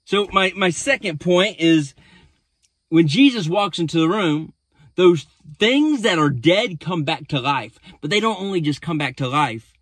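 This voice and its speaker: A man's voice: a little high, expressive, a little slow, no room sound. A man, a pastor, recapping a sermon in a casual storytelling way with frequent restarts.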